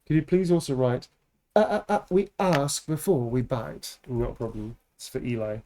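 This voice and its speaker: A man's voice: mid-range voice, moderate pace, dark tone. A tired man hosting a livestream, chatting casually and laughing often as he teases his co-host and thanks viewers. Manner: laughs often, playful and teasing. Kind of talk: casual live-stream chat.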